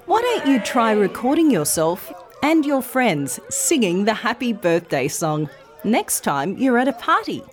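A woman presenter reading a scripted pronunciation lesson with careful, clear articulation. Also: a little high, big pitch swings, a little slow, faint music behind. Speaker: news presenter teaching pronunciation.

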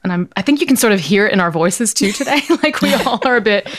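A woman's voice: medium pitch, lively intonation. Teary-sounding woman podcast guest. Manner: halting, emotional. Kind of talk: casual chat.

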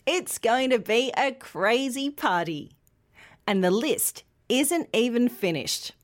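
A woman's voice: fairly high pitch, animated, slow. A woman presenting a pronunciation lesson, carefully modelling words for learners to repeat. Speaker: English pronunciation teacher.

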